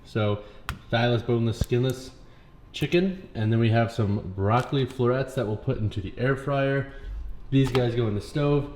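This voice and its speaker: A man's voice: medium pitch, a little mellow. A young man from Missouri with a Missouri accent, talking casually to the camera as a fitness vlogger in his home kitchen, joking as he goes. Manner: chatty, jokey, talks to the camera. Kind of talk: casual vlog narration. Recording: roomy home sound with faint music.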